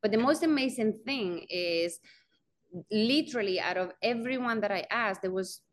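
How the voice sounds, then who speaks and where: A woman's voice: medium pitch, normal speed, slight background noise. A woman talking as a guest in an interview, telling a personal story with animation and acting out the quoted dialogue. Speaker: guest, real estate company founder.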